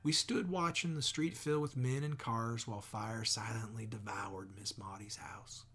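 A man reading a novel aloud as an audiobook, measured, often sinking to near whispers. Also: on the low side, fairly even intonation, a bit bright, breathy edge. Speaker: audiobook reader. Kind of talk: audiobook narration.

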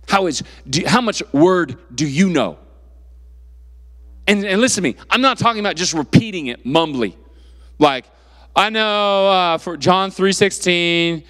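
A young man gives a youth sermon in an easygoing, talky style, stacking up fillers and half-started sentences. His voice sits a little high and rises sharply as he warms to his story. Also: big-room sound. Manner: casual, conversational preaching with many fillers. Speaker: youth pastor.

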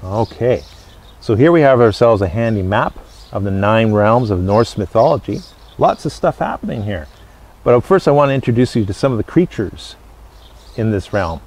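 A man presenting living history, teaching in a casual educational talk and explaining steadily in short, paused phrases. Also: lowish voice, lively intonation, darkish tone.

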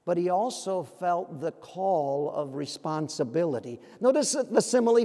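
High-voiced preacher in a reverberant church. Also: male voice, lively intonation, measured pace, dark tone. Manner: earnest, with pointed rhetorical questions. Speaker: pastor. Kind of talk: sermon. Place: church sanctuary.

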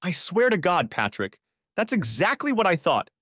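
A man's voice: very animated, moderate pace, fairly bright tone, no echo, full character voice. A man voicing a distraught jailed wife who pleads through tears, in a dry audio-book reading. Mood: pleading. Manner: tearful, pleading, raised pitch. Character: distraught wife in jail, sobbing, pleading woman.

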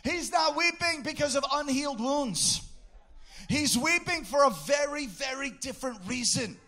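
A man preaching a sermon in an impassioned way, bursting into shouts and sing-song phrases. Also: extremely high pitch, lively intonation, moderate pace.

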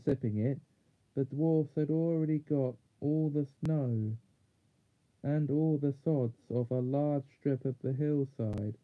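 A man reading a children's fantasy chapter book aloud in a measured way, now and then correcting small slips. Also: medium pitch. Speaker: audiobook reader. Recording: tinny phone-like sound.

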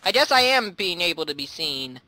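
Giggly and playful, this gameplay commentator keeps up casual chat while playing, laughing frequently. His high-pitched voice is sing-song and sharp, his pace brisk, with a bit of hiss or hum in the background.

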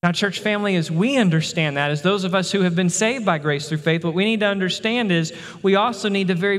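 A man's voice: high voice, long reverb tail. A male pastor preaching a sermon, emphatic and repeating words for stress. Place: church sanctuary.

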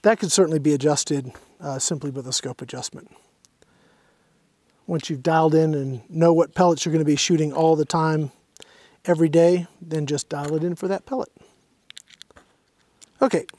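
A man's voice: a little high, steady tone, normal speed, pauses often, a little mellow, no echo. A man hosting a hands-on airgun review outdoors, a little out of breath, casually talking through each step as he goes.

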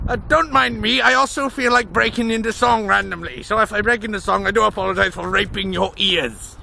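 A young man with a very high, bright voice full of gravelly fry, rambling loudly and jokily while he walks. He talks slowly and shouts now and then, with faint wind and traffic behind him. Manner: loud, silly, jokey, shouts at the wind and cars. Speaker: gaming vlogger. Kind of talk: rambling outdoor vlog. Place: outdoors walking along a busy road. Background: wind and passing traffic.

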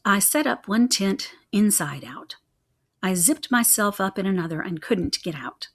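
A young adult woman reading a children's chapter book aloud in an expressive, rhythmic way. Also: mid-range voice, measured pace. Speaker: reader.

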